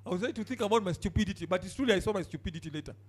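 A man preaching a sermon, jumping from shouted outbursts to quiet asides and telling the congregation to turn to their neighbors. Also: high-pitched, lively intonation, rapid-fire. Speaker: pastor.

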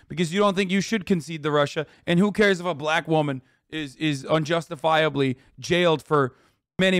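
Angry high-voiced male streamer ranting. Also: fairly bright tone, clear, resonant tone, no echo, studio quality. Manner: angry, profane, reads news aloud then rants at chat. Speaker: streamer reacting to news. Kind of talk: heated livestream rant.

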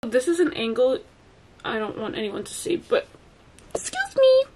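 Young female vlogger, 20s, chatty and giggly, slightly raised pitch. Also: animated, moderate pace, noisy background. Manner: chatty, giggly, swears casually. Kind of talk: casual vlog chat.

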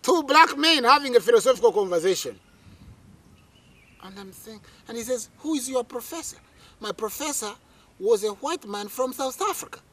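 Man telling a lively story. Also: very high voice, moderate pace, slight background noise. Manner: animated, repeats phrases for emphasis. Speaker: interview guest. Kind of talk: storytelling in a conversation.

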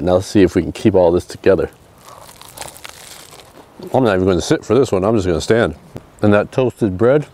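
Upbeat male outdoor vlogger, low and warm, talking through his cooking on the shore. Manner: upbeat, chatty, narrating as he cooks. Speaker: fishing vlogger. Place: outdoors on a seashore.

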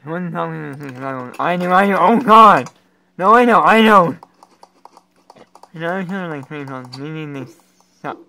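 A man giving reaction commentary, talking along casually and breaking into loud, excited exclamations. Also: a little high, moderate pace, vocal fry, long pauses, poor audio. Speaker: reaction video creator.

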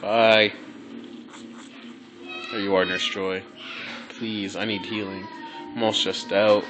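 A man giving casual, excitable gameplay commentary, swearing, laughing and repeating phrases. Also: lowish voice, takes it slowly, over music, poor audio.

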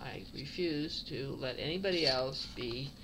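A woman's voice: very deep voice, unhurried, fairly bright tone, slight background noise, pitched below the performer's own voice, exaggerated voice, rough recording. A woman voicing a bossy young male kitten in a mock-proud way. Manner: mock-proud speaking for the cat.

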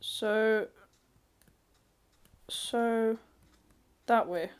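A woman giving casual let's-play commentary, thinking aloud, swearing freely and breaking into sudden excited squeals. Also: a little high, very slow, clear, resonant tone. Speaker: gamer.

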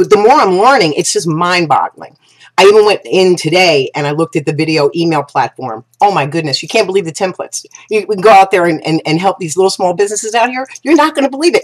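A woman talking casually to her viewers as an affiliate marketer, gushing and excitable, restarting sentences and piling up exclamations. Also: lowish voice. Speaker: affiliate marketer pitching a business platform. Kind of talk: casual promotional vlog talk.

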